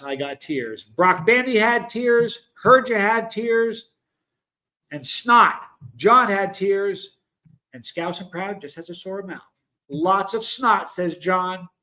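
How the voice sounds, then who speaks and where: A man with a fairly high voice hosts a casual livestream. He talks loosely to his viewers, reads their comments aloud and often breaks off to restart his sentences. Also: slow pace, sharp tone. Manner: chatty, rambling, self-interrupting. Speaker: livestream host.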